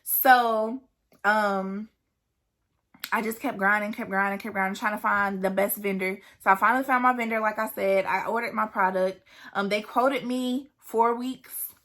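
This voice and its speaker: A woman's voice: mid-range voice, fairly even intonation, normal speed, a bit bright. A young woman, chatting casually to camera about starting her business, with lots of asides to her viewers. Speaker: vlogger and new business owner.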